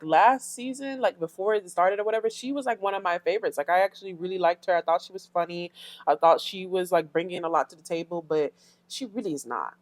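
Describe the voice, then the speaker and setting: A woman's voice: on the low side, no echo. Sassy young woman recapping a show. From Fort Pierce, Florida. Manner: blunt, sassy, talks to the viewer directly. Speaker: reality TV recap vlogger. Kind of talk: casual commentary.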